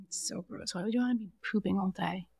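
A woman co-hosting a casual podcast, chatting about a reality show in an animated, opinionated way and acting out quotes. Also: mid-range voice, fast, gravelly, husky, no echo, clean studio sound. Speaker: podcast co-host. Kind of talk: casual reality-TV recap chat.

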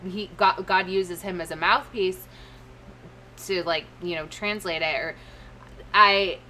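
A woman's voice: fairly low pitch, fairly even intonation, slow pace, bright, forceful tone, a little hiss or hum. A woman co-hosting a casual faith chat who rambles loosely and fills her talk with "like.". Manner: rambling, heavy use of "like". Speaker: co-host.

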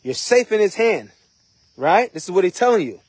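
A man's voice: sits high, very animated, normal speed, a little mellow, slightly rough, no echo. A man preaching an informal sermon in a conversational way, often asking "right?" and "you know". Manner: conversational, repeats rhetorical questions.

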